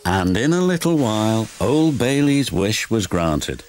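A man reading a children's story aloud, slow and expressive. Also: fairly low pitch. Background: music.

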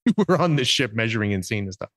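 A man hosting a podcast, asking questions conversationally and halting, repeating words as he frames them. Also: on the low side, lively intonation, fairly bright tone, no room sound, studio quality. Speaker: podcast host. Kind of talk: conversational interviewing.

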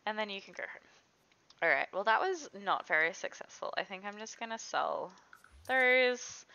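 Young female let's-play host, lively up-and-down delivery, bright edge, slightly dull lo-fi mic. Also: mid-range voice, measured pace, clean tone. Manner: chatty, giggly, talks to her game characters. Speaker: gaming video host. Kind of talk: casual let's-play commentary.

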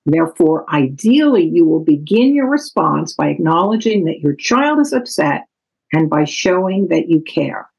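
A woman author giving a calm, measured, instructive talk that explains parenting strategies from her book. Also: low-pitched, vocal fry, slightly rough, low-quality recording.

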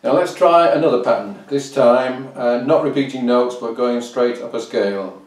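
A fiddle teacher explains and demonstrates bowing, counting beats aloud and humming rhythms in a medium-pitched voice at normal speed. The instructional talk is captured by a distant mic in a roomy space, with fiddle playing and music in the background.

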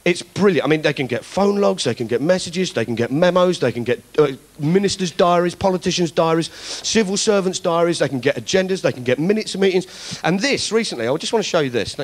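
A man's voice: a little high, expressive, brisk, hardly any pauses. A man doing stand-up political comedy, ranting in mock indignation with plenty of swearing. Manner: acts out other people's voices.

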